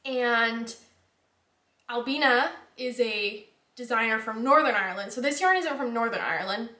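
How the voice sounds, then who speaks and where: A woman's voice: a little high, moderate pace, sharp tone. A young woman hosting a knitting vlog, chatting casually and rambling with lots of likes and ums. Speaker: knitting podcast host. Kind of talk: casual chat. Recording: echoey room.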